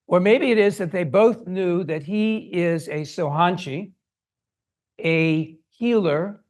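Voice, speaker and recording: An older man giving an academic lecture to an audience, telling a story and acting out the voices he quotes. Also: fairly high pitch. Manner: animated, acts out quoted voices. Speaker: guest lecturer. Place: lecture hall.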